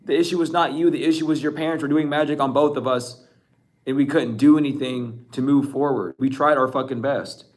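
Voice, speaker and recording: A man giving a casual tarot reading, teasing and laughing often, blunt and profane, with a throat that sounds a bit rough. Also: mid-range voice, fairly even intonation, fairly quick. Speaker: tarot reader.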